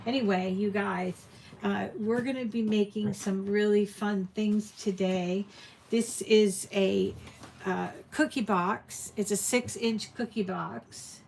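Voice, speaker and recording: A woman's voice: mid-range voice, fairly even intonation, slow, vocal fry, a little mellow, slight background noise. Chatty New woman hosting a craft stream. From New England. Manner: chatty, rambling, many ums and restarts. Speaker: crafting livestream host. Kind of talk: casual live-stream chat.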